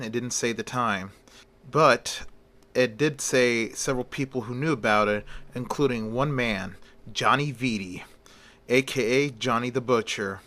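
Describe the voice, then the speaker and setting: A man telling a fan story in a bright, clear voice at an ordinary pitch. He reads in a halting, homemade way, stopping for fillers and starting lines over. It has the plain feel of a hobby storyteller. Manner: halting, with many fillers and restarts.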